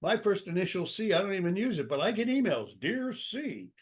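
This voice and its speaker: A man's voice: sits high, a little fast. An older man, a guest author, answering in an interview with emphatic storytelling and acted-out dialogue. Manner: energetic, emphatic, acts out quoted dialogue.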